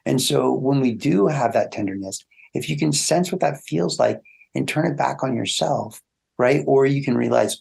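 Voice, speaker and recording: A man's voice: moderate pace, gravelly, breathy edge. A man speaking as a relationship coach in an interview, telling stories animatedly and acting out quoted thoughts. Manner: animated storyteller, acts out quoted thoughts in a higher voice. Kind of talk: conversational interview.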